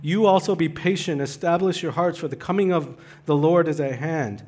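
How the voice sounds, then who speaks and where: A male pastor in full sermon mode, with a voice that sits a little high for a man. He builds to loud, urgent pleading and then drops almost to a hush to press a point home. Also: normal speed, a little hiss or hum. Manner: swings from loud urgent pleading to hushed near-whispered asides.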